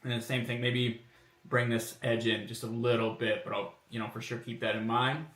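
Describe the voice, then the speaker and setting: A man on a live stream talks through his car body kit designs in a relaxed, wandering way, filling pauses with "um"s as he thinks aloud. His mid-range voice sounds sharp and bright, stays fairly flat in pitch, and moves at a normal speed. He seems to sit back from the mic in a workshop, so the audio is roomy and distant.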